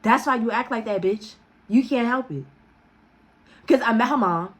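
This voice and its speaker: A young woman vlogger telling a casual story, full of cussing and quick to laugh. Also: fairly high pitch. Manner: profane, animated, breaks into laughter.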